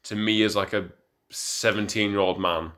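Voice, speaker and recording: A man's voice: fairly low pitch, steady tone, normal speed, fairly bright tone. A young man co-hosting a podcast in casual chat, tipsy from drinking and rambling with stumbling restarts. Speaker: podcast co-host.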